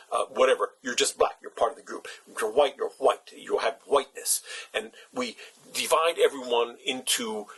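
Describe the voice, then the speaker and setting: A man's voice: on the low side, vocal fry, sharp tone, husky, rough recording. A man hosting his own channel, giving a reflective spoken essay, thinking aloud with many fillers and restarts. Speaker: channel host.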